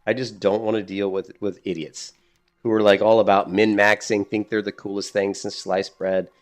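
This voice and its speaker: A man's voice: lowish voice, little pitch movement, normal speed. A middle-aged man chatting casually while streaming a game, rambling, swearing and laughing at his own stories. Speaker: gaming streamer.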